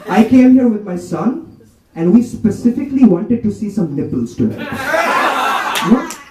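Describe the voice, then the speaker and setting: A young man performing an animated stand-up comedy set at a college comedy night, slipping into mock voices. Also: sits high, moderate pace, heavy background noise. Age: young adult. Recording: roomy, distant amateur recording with crowd laughter. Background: audience laughing.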